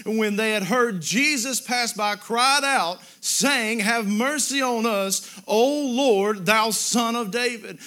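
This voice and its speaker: A man preaching a sermon, drawing out Bible quotes and rising to loud emphatic exclamations. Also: high voice.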